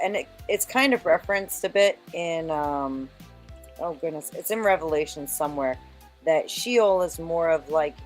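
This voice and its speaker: Low-voiced, slow-talking woman in a discussion. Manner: unsure and searching for words, self-deprecating. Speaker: discussion participant. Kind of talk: casual discussion.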